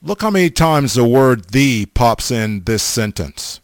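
A man's voice: mid-range voice, very animated, measured pace, dry recording, studio quality. A man preaching a sermon, blunt and emphatic, stammering over restarts and repeating himself for stress.

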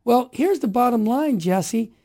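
A man's voice: very high-pitched, measured pace. Emphatic man in his sixties. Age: 60s. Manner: emphatic, animated, building to forceful outbursts. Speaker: interview guest. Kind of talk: storytelling conversation.

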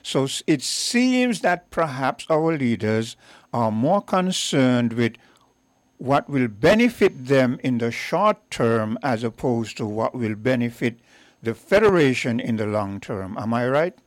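A man hosting a call-in radio talk show, speaking deliberately and stressing key words. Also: medium pitch, very animated, no echo.

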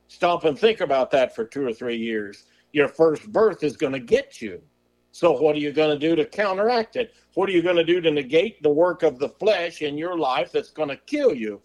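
A preacher with a fairly high male voice delivers a sermon, pressing his listeners with rhetorical questions. He talks in a folksy manner and drags out the words when he quotes scripture. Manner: slows and drawls on scripture quotes; folksy turns of phrase.

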